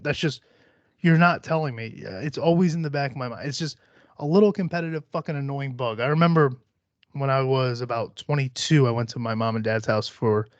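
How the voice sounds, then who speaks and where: Brash, swearing podcast host. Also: male voice, medium pitch, no echo, muffled recording. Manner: profane, boastful, hyper-competitive. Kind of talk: casual podcast chat.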